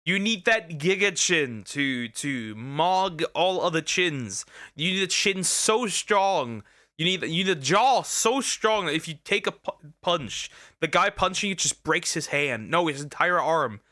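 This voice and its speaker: A young man reacts to a video, joking, rambling and heavy on internet slang. His voice is bright and sits a bit high for a man. The sound is dry and close, with no room around it. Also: expressive, unhurried, no room sound. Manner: rambling, jokey, full of slang and restarts. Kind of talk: casual reaction commentary.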